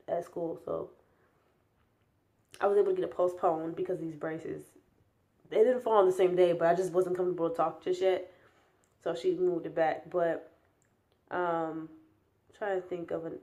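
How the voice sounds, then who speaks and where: A young woman with a slightly low voice chats casually through a vlog update. She sounds tired and rambles with lots of fillers and restarts. Her new braces give her a slight lisp. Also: mellow. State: tired, yawning. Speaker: vlogger.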